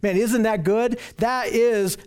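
A man's voice: high voice, steady tone, slow, a little mellow, clear, resonant tone. A man teaching a Bible study lesson in an earnest way, often restarting his sentences.

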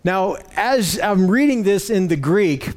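A man's voice: high-pitched, animated, a little slow. A man giving a verse-by-verse Bible teaching in a conversational way, with frequent fillers and restarts as he explains the text word by word. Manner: explains word by word, using slides.

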